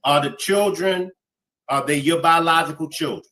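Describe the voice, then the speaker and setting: A man interviewing a couple, offering calm advice and asking direct questions. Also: fairly high pitch, normal speed. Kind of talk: interview conversation.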